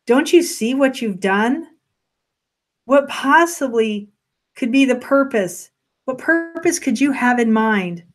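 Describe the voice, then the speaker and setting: An exasperated, startled woman, as a woman narrator puts her on, calling out urgent questions. Her voice is raised and pitched a touch high. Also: animated, takes it slowly.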